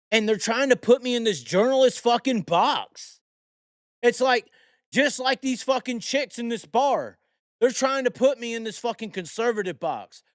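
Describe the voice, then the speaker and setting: Profane high-voiced man ranting. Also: a bit bright, no room sound, clean studio sound. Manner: profane, rambling, heated storytelling. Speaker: host. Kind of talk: casual podcast rant.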